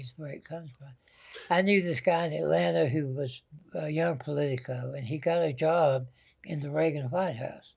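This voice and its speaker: A man's voice: fairly high pitch, vocal fry, darkish tone, husky. An older man with a Southern American accent, telling folksy family stories as an interview guest. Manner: folksy, anecdotal storyteller. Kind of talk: storytelling interview.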